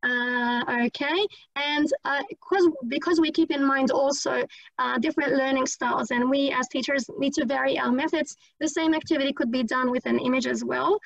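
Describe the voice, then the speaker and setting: A woman teacher giving an online training talk, quick and chatty, with many fillers and restarts. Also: high voice, steady tone, vocal fry, no room sound. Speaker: English teacher presenting at a conference. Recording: dry, slightly dull lo-fi audio.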